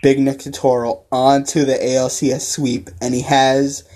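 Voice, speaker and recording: A man hosting a casual sports podcast, reading out listener messages and reacting excitedly. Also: mid-range voice, moderate pace. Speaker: podcast host.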